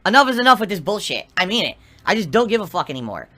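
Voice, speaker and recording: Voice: medium pitch, big pitch swings, fast talker, bright, forceful tone, slight background noise. A streamer in a played clip talking defiantly and dismissively to their chat. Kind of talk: live stream talk.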